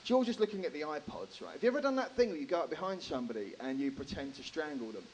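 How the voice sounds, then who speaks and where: Animated stand-up comedian. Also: male voice, a little high, fast talker, slight background noise, rough recording. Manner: animated, acts out characters, swears freely. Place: live comedy room.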